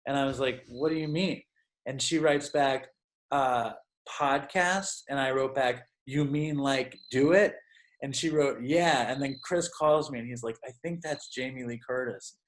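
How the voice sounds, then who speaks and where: A man's voice: medium pitch, normal speed. A man telling stories as a podcast guest, rambling and profane and full of "like". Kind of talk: casual storytelling.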